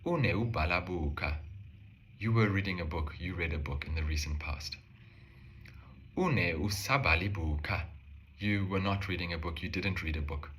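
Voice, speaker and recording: A man calmly explaining a language lesson step by step, slowing down to say example phrases. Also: low-pitched, a little hiss or hum. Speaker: language teacher.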